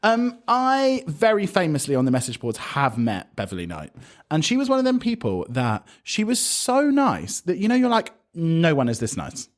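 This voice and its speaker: A man's voice: sits high, huge pitch swings, moderate pace. A man with a British accent co-hosting a podcast, chatting in a camp, gossipy way. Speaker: podcast co-host. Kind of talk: casual chat.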